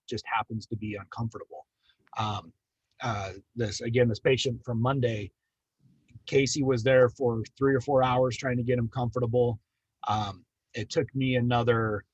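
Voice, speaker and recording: A middle-aged man training hospice staff, talking calmly and steadily, with frequent ums. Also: medium pitch, husky, no room sound, dull audio. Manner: calm, measured, with frequent ums.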